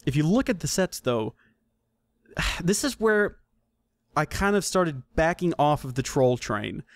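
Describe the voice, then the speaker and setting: A man's voice: on the high side, big pitch swings, measured pace, dry recording, clean studio sound. A man hosting a casual solo podcast, rambling, self-correcting and joking as he goes. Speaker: podcast host.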